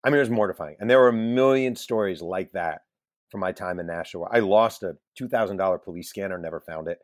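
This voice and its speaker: A man being interviewed as a journalist, telling self-deprecating stories in a lively, casual way with the odd swear word. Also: low voice, fairly quick, no room sound, clean studio sound. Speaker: guest journalist and author.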